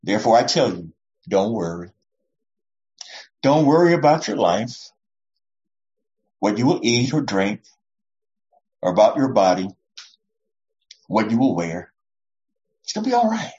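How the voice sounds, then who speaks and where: A woman pastor delivers a conversational, reassuring sermon and slips into short voices to make her points. Her pitch rises and falls with lively range. The recording sounds dull and lo-fi. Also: unhurried, long pauses. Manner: warm, reassuring, often acts out voices.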